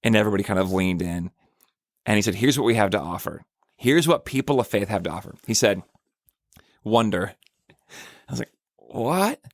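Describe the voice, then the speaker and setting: In a dry, clean studio recording, a fairly low-voiced man talks fairly quickly and pauses often while hosting a church podcast as its minister. His reflective monologue is casual and earnest, rambling through stories with many restarts.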